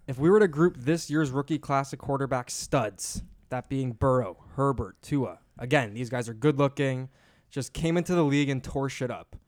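A man's voice: medium pitch, normal speed, a little mellow, dry recording, clean studio sound. A man co-hosting a sports betting podcast, rambling through movie memories and casually swearing. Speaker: podcast co-host.

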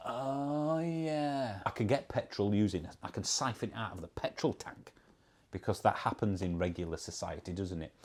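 A man's voice: low voice, fairly quick, a little mellow, husky. A man with a Yorkshire accent, talking casually in a vlog as a car reviewer, wry and sarcastic while he reads out and answers comments. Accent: Yorkshire English. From Yorkshire, England.

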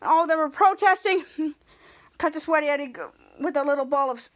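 A podcast host with a high-pitched, fairly bright voice talks fast as she casually recaps a TV episode scene by scene. She rambles, frequently restarting her sentences.

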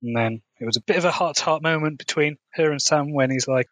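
A man's voice: a little high, fast talker, fairly bright tone, no echo. Chatty man recapping, dry close sound. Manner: laughs often, paraphrases dialogue loosely. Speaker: podcast co-host. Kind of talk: casual chat recapping a TV episode.

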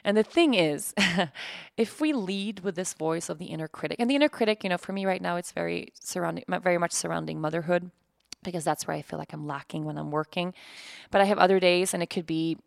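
A woman's voice: on the low side, a little fast, gravelly, dry recording, clean studio sound. A woman host and yoga teacher talking openly and reflectively about her own life, searching for words with fillers and restarts. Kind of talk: candid personal reflection.

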